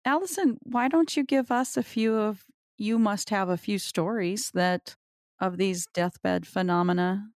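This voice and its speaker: A woman interviewer chatting in a relaxed way and prompting her guest for stories. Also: mid-range voice, measured pace, dry recording, studio quality. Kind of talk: casual conversation.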